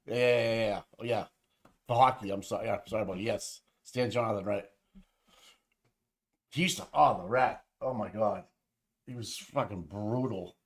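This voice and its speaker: A man's voice: low-pitched, creaky. A man co-hosting a livestream in casual, profane, rambling chat with his viewers. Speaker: livestream co-host.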